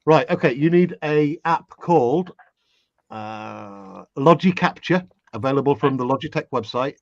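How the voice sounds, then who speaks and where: A man with an English accent chats casually with friends on a livestream, breezy and self-mocking. His voice sits at a middle pitch. The audio is dry and a bit dull and lo-fi. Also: animated, a little slow, gravelly, no echo. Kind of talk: casual group chat on a livestream.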